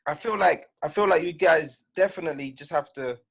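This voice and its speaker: A man speaks with animated conviction in a casual podcast conversation. His voice sits somewhat high for a man. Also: a little fast, vocal fry. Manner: animated, firm advice. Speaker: DJ guest.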